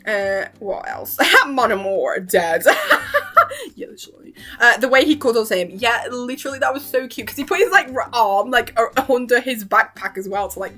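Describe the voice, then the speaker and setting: A young woman gushes through a fan review, full of fillers, giggles and acted-out quotes. Her voice sits a touch high and very bright, slightly worn from talking. Soft music plays faintly underneath. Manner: gushing, giggly, lots of fillers and quoted reactions. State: voice worn, partly lost. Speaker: vlogger reviewing a TV series. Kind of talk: excited casual ramble.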